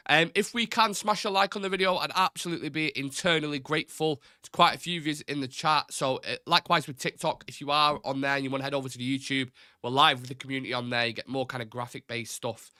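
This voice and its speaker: A young man with a bright, forceful voice rants bluntly through a casual live-stream chat, indignant and quick to swear. His nose is a little stuffed up, giving a faint nasal edge. The sound is dry and close. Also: mid-range voice, fairly even intonation, no echo. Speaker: host of a fan livestream.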